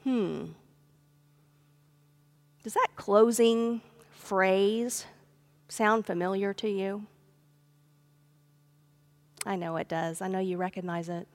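A woman's voice: medium pitch, steady tone, takes it slowly, long pauses, darkish tone. A woman pastor giving a sermon, telling a parable in a conversational, folksy way. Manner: storytelling, acts out the characters' pleas with a raised voice. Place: church sanctuary.

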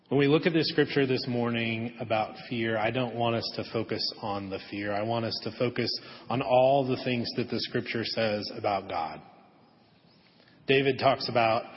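Gentle low-voiced man preaching in an echoey church. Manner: gentle storytelling, softening to a hush on key lines. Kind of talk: sermon. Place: church sanctuary. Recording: echoey hall, dull lo-fi audio.

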